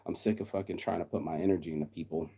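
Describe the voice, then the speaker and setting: A man's voice: deep voice, fairly even intonation, very fast, warm tone, breathy edge. A middle-aged man in a casual, profane vlog rant, blunt and mocking, often mimicking other people in quotes. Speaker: vlogger. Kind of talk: casual ranting monologue.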